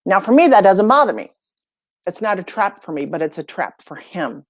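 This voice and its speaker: A woman, a life coach and podcast guest, tells stories in a relaxed, conversational way and acts out the lines of the people in them. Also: medium pitch, normal speed, dry recording, clean studio sound. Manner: lively storyteller who acts out dialogue. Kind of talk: casual podcast storytelling.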